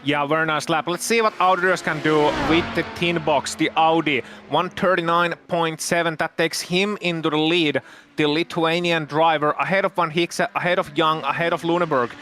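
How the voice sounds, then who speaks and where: Male co-commentator, bright voice, slightly high, playful chatty delivery. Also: steady tone, moderate pace, slight background noise. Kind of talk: sim racing commentary.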